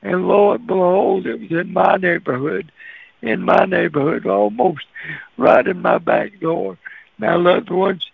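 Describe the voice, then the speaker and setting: A folksy male radio preacher telling stories in a high, gravelly voice with a husky edge. The sound is dry and squeezed thin, like a phone line. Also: measured pace, dry recording. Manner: folksy, laughs at his own stories. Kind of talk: storytelling radio sermon.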